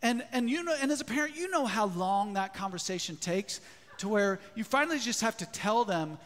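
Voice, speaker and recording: Pastor guy preaching, kinda high voice, lively, keeps asking the crowd stuff, big echoey church hall. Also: fairly quick. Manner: lively, asks the congregation questions. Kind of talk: sermon. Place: church sanctuary. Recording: long hall reverb.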